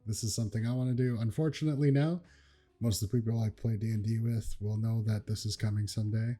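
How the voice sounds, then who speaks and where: Young guy reacting to memes at his desk, chill and chatty, mellow voice. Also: lowish voice, steady tone, quick pace, faint music behind. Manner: laid-back, laughs often, chatty asides. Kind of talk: casual reaction commentary.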